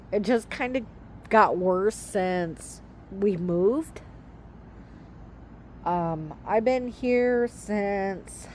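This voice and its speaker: A middle-aged woman telling a personal story to camera in a casual, hesitant way, with many pauses and fillers. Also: fairly low pitch, darkish tone, slight background noise. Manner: slow, hesitant, many ums and likes. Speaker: vlogger. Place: outdoors.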